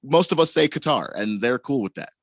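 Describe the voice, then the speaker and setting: A man's voice: medium pitch, expressive, a little fast, no echo. A man co-hosting a sports radio show, explaining things in an easygoing way. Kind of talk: casual sports radio banter. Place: radio studio.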